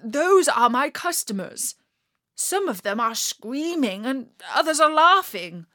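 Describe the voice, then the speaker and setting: A woman's voice: high-pitched, very animated, takes it slowly, bright, forceful tone, no room sound, studio quality, voice pushed up, full character voice. A woman voicing a sad, stammering male shopkeeper in a read-aloud story. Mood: sad, flustered. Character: flustered male corner shop owner. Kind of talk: storybook reading.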